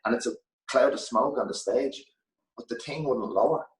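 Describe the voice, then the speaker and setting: An Irish man in his thirties, a guest telling a loose, lively anecdote in casual chat, swearing now and then. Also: medium pitch, moderate pace. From Ireland. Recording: echoey room, mic at a distance.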